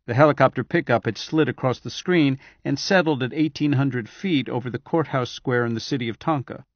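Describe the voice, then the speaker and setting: A man reading a science fiction novel aloud in steady, measured scripted narration. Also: medium pitch, dry recording, highs cut off. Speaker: audiobook narrator.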